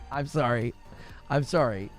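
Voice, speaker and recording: A man's voice: mid-range voice, slow pace, soft background music. A man, hosting a gaming livestream, joking with his chat and laughing often. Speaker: gaming channel host.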